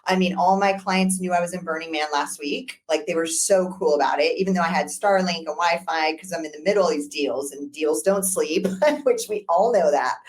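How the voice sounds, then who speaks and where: A woman's voice: on the low side, moderate pace, hardly any pauses. Give me a chatty woman guest who laughs often while telling stories in a casual interview. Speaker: business broker guest.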